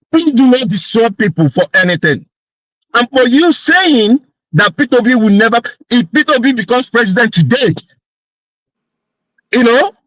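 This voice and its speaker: A man's voice: very high voice, fairly bright tone, dry recording, low-quality recording. A man on an online panel debate, arguing insistently and repeating his points. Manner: insistent, argumentative, repeats himself.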